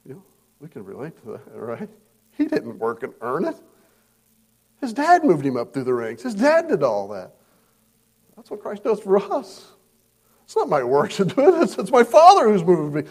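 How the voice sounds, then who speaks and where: Lively high-voiced pastor preaching. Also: male voice. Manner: conversational, acts out quoted voices. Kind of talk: verse-by-verse sermon. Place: church service.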